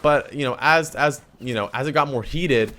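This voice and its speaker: Young Canadian guy, mid-pitch, spins a story for his viewers with lively swearing and acted-out quotes. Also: normal speed. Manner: animated, swears freely, acts out quoted lines. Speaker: vlogger. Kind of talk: casual storytelling to camera.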